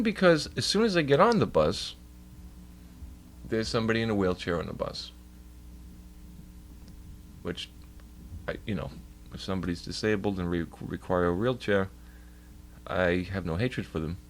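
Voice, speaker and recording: Low-voiced young man ranting profanely. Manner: profane, complaining, storytelling. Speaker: live streamer. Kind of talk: casual rambling rant to a stream chat. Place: at home by his computer.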